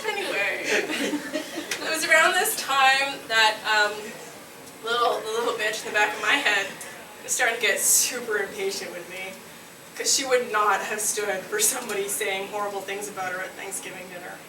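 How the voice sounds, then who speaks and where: A woman from Nova Scotia, Canada, in her late twenties, telling a brash, animated comic story on stage, often laughing at her own lines and yelling punchlines. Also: medium pitch, normal speed. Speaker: solo comedy performer. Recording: roomy, distant, noisy live room recording.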